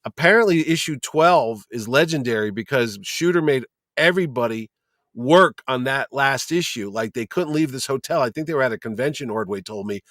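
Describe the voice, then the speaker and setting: A middle-aged man, a convention producer, telling lively anecdotes as a guest and acting out the people he quotes. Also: medium pitch, moderate pace, no room sound, clean studio sound. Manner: lively storyteller who acts out quoted people. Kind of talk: casual podcast chat, anecdotes.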